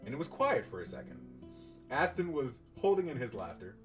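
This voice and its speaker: A young man in college telling a story about his own past in a casual, animated, self-mocking way, swearing freely. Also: medium pitch, a little fast. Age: young adult. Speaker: YouTuber. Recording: distant mic, faint guitar music behind.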